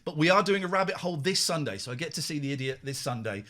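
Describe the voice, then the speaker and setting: A man's voice: fairly high pitch, expressive, quick pace, sharp tone. A man hosting a late-night live phone-in show, chatting and joking with callers in a teasing way. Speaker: radio phone-in host. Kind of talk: casual live phone-in chat.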